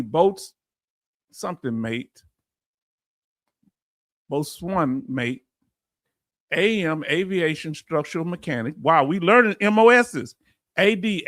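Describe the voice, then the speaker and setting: Middle-aged Southern host, high tenor, dry close sound, folksy and preachy on a live chat stream. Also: male voice, fairly bright tone, no echo. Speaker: veterans benefits channel host. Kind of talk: livestream reading viewer comments.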